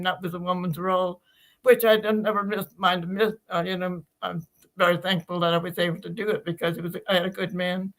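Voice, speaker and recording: An elderly woman talking freely as a podcast guest, mid-pitched and even. She rambles a little and restarts phrases as she tells her stories. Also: rough recording. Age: older. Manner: chatty, warm storyteller, rambling with restarts. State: uses hearing aids. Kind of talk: casual chat.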